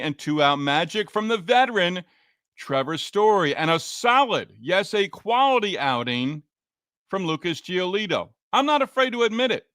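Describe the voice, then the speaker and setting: A man hosting a solo sports podcast, talking straight to listeners in an energetic, emphatic way. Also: fairly high pitch, no echo, clean studio sound. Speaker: podcast host.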